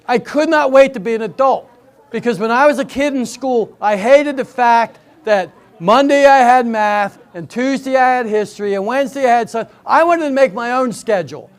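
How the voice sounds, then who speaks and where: An older man doing stand-up comedy with a strikingly high-pitched voice. He tells rambling personal stories and stops to quiz the crowd. The routine is for a live audience at a senior center. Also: normal speed. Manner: chatty storytelling, banters with the audience.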